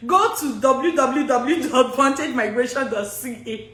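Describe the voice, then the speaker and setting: In a live social media Q&A about studying abroad, a woman with a Nigerian accent and a high voice chats and laughs often, repeating her points. Her tone is sing-song, bright and forceful at a moderate pace, with a roomy echo on the recording.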